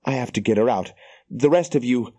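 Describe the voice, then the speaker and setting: A man's voice: medium pitch, animated, fairly quick, mellow, dry recording, pitched above the performer's own voice, lightly acted. A man voicing an earnest young hero who speaks with urgency in an audiobook reading. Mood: urgent.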